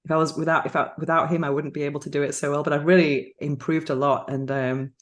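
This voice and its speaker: A woman's voice: low-pitched, flat delivery, quick pace. A woman hosting a podcast, chatting casually, laughing often and restarting her sentences. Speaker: podcast host. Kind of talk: casual interview chat.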